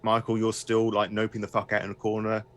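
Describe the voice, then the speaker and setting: Male game master, lowish voice, loose rambling narration. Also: completely flat delivery, fast, fairly bright tone. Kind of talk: running a tabletop horror game.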